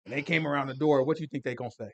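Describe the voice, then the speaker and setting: A man giving a casual Bible lesson, animated and conversational, acting out the scenes with slang. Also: mid-range voice, very fast, gravelly, highs cut off. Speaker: Bible teacher.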